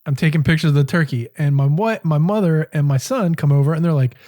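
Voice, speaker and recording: A man's voice: on the high side, fairly quick. A man co-hosting a cooking school podcast, telling a story in casual chat, swearing freely and acting out what he said at the time. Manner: profane, animated storytelling, quoting himself.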